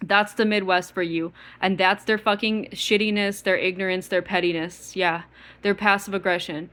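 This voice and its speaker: A woman's voice: medium pitch, steady tone, moderate pace, a bit bright. East Coast woman, bitter profane vlog rant, filler-heavy and repetitive. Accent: East Coast American. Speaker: vlogger. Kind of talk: casual rant to camera.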